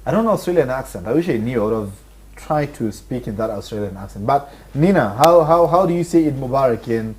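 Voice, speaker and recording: A man's voice: mid-range voice, fast, slight background noise. A man co-hosting a live broadcast, chatting casually and mixing Swahili with English. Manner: mixes Swahili and English, animated, reads viewer comments. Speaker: TV co-host.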